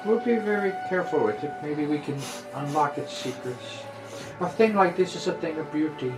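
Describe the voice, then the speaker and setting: A man's voice: a little high, animated, natural voice. A man, as game master, voicing a fussy male craftsman shopkeeper who halts and muses with fillers. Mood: businesslike. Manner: drawn-out musing, halting with fillers. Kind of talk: voicing characters in a tabletop game. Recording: echoey room with music behind.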